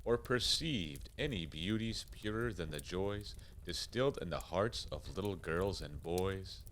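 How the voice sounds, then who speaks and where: A man as Santa Claus, deep and calm. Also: measured pace, a little hiss or hum. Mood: tender. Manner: calm, gently lecturing, warmly persuasive. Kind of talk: radio play acting.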